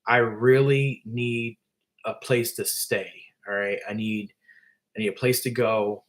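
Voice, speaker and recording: A man's voice: medium pitch, level tone, measured pace, natural voice. A man voicing a scared teenage boy who stammers and hesitates. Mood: pleading.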